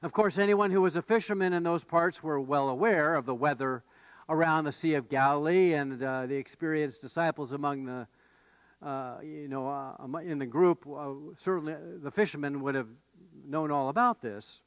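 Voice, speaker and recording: A male pastor delivers a sermon in a conversational, unpolished way, full of small restarts and fillers. His voice sits a little high for a man and sounds dry and close, with no room echo. He grows animated when he voices the disciples. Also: normal speed, clean tone, dull audio.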